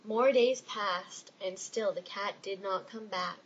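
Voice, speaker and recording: A woman reading a children's story aloud in an expressive storytelling manner. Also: medium pitch, takes it slowly, breathy edge, lo-fi sound. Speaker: reader.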